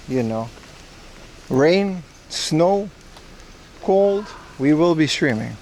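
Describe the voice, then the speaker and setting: His slightly mellow, high-ish voice is animated, with drawn-out words and long pauses, plus a little hiss or hum. The livestream host rambles casually with viewers while walking outdoors along streets and at a shrine in hot weather.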